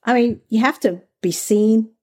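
A woman from the American South, formerly an undercover agent, tells stories about her work in a candid, chatty interview, laughing easily. Her voice is a little high and darkish with a breathy edge, and she talks at a normal speed.

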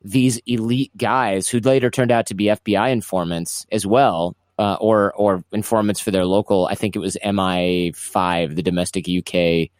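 A man's voice: on the low side, moderate pace, hardly any pauses, no room sound, clean studio sound. A man telling a casual story in an interview, stumbling and restarting, acting out the people he quotes. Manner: animated, acts out quoted voices, restarts often. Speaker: guest recounting his past.

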